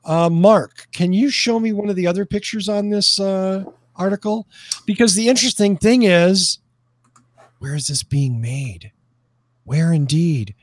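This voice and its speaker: A man co-hosting a podcast in casual chat, joking and animated, full of fillers and restarts. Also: sits high, unhurried, no echo, studio quality. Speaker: podcast co-host.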